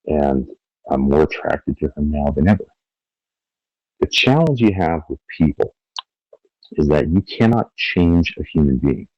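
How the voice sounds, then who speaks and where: A man's voice: a bass voice, a little slow, long pauses, no echo, dull audio. A middle-aged man talking bluntly and profanely as a podcast guest, acting out quotes in his stories. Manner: blunt, profane, animated storytelling with acted-out quotes. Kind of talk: candid interview talk.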